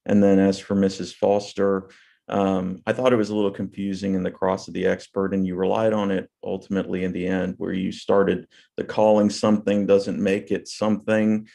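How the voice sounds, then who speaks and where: A man on a mock trial judging panel, giving feedback in a halting way with many fillers. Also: sits low, level tone, gravelly, warm tone.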